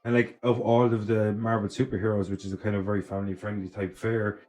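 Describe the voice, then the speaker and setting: A man's voice: lowish voice, flat delivery, quick pace, a little mellow. A man co-hosting a podcast, blunt and opinionated, swearing freely in casual chat. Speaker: podcast co-host.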